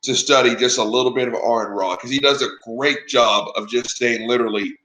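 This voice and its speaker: A man speaking forthrightly as an interview guest, blunt and emphatic, clearing his throat from allergies. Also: medium pitch, fairly quick, pushed and bright. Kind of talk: casual interview chat. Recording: echoey room.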